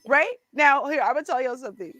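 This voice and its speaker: A woman hosting a casual commentary show, animated and sarcastic, laughing often and talking straight to her viewers. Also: high-pitched, fast. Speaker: host. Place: Ontario.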